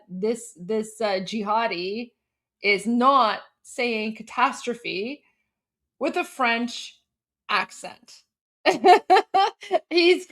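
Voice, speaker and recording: Hosting a chatty live stream, she is a Canadian in her forties who keeps things bubbly with lots of laughter. Her voice sits on the high side and sounds a bit bright.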